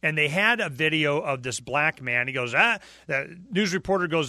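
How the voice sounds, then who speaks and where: A man in animated political talk, emphatic and storytelling, acting out the people he quotes. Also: fairly high pitch, normal speed, few pauses, no room sound, studio quality.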